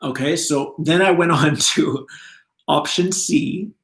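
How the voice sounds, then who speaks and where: A man hosting a live spiritual talk, chatty and animated, laughing often as he speaks. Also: fairly high pitch, measured pace, reverberant. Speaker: spiritual channeler, host.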